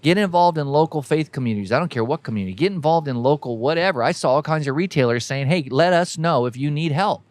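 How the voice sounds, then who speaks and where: A man's voice: a little high, quick pace, few pauses, no room sound. A man hosting a podcast, delivering a folksy, emphatic motivational monologue that exhorts listeners directly. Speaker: podcast host.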